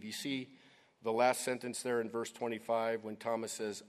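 A man preaching a sermon in an animated, emphatic way, speaking directly to his listeners. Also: lowish voice, normal speed. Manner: animated, emphatic, addresses audience as "gang".

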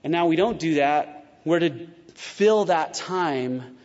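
A man preaching a sermon in a loose, conversational way, slipping into voices for the people in his stories. His voice sits a little high for a man. The recording is muffled and rings with long reverb from a large church hall. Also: slow pace. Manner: conversational and animated, acts out quotes. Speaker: pastor. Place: church sanctuary.

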